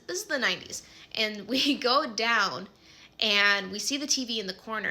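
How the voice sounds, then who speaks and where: A woman's voice: medium pitch, bright, forceful tone. A woman in her thirties with a Midwestern American accent, casually telling a personal story with lots of "like" and "um". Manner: chatty, many fillers like "like" and "um".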